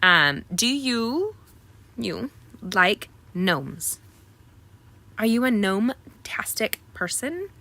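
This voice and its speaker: Chatty bright-voiced craft host woman. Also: very animated, extremely slow, pauses often. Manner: chatty and rambling, many ums; upbeat sales pitch to viewers. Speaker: card making tutorial host. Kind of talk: casual live craft tutorial.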